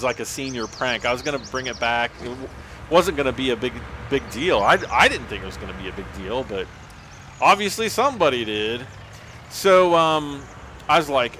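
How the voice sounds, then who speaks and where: Bright-voiced man telling a rambling story. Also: medium pitch, expressive, normal speed, slight background noise. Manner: rambling, full of "like" and restarts. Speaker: livestream gamer telling a story. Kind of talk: casual storytelling on a livestream.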